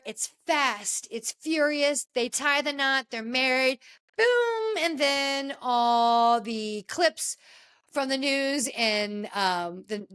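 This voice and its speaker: Animated, gossipy woman podcast host. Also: clean tone. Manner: animated, gossipy retelling with sudden pitch jumps. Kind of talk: casual chat recapping reality TV.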